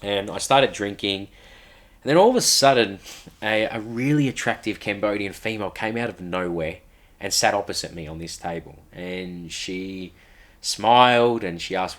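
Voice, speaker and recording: A man's voice: on the low side, moderate pace, fairly bright tone. A man in a podcast interview, earnestly retelling a personal story with vivid acted-out quotes. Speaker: podcast guest.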